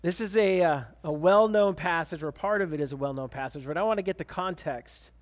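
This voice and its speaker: A male pastor delivers a sermon in a fairly high voice. He reads scripture and then drives his points home with emphatic restatements and repeated words. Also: a little fast. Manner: emphatic preaching with repeated words and sudden pitch swings.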